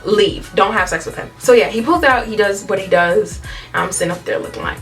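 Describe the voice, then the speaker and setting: A woman's voice: medium pitch, quick pace, far from the mic, soft background music. A young woman telling a candid storytime on her vlog, chatty and dramatic, full of slang and laughing often. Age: young adult. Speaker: vlogger.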